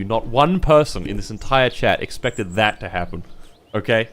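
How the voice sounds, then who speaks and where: A young man with a lowish, animated voice commentates his own live game stream at a moderate pace. He swings between quiet muttering and loud outbursts of swearing.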